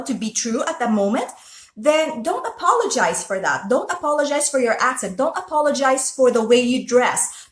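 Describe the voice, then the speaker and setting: Chatty Filipino-accented woman, roomy sound. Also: a little high. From Philippines. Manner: earnest and chatty, with frequent restarts and laughs. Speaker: host. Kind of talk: casual motivational talk to viewers.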